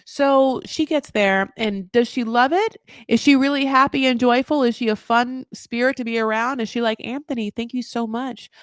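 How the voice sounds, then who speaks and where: A woman's voice: on the high side, normal speed, hardly any pauses, smooth, dry recording, studio quality. A woman hosting a casual live TV recap, chatty, rambling and sarcastic. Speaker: host of a TV recap show.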